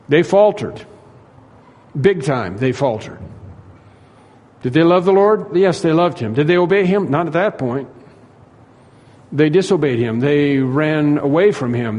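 A man's voice: fairly high pitch, darkish tone, long reverb tail. A man preaching a sermon in an earnest, repetitive way, acting out the dialogue he tells.

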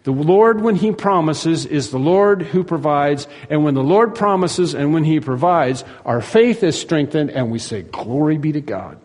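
Fairly high-voiced pastor guy preaching, emphatic, repeats words, long echo in a big hall. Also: expressive, unhurried, few pauses, a little mellow. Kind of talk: expository sermon.

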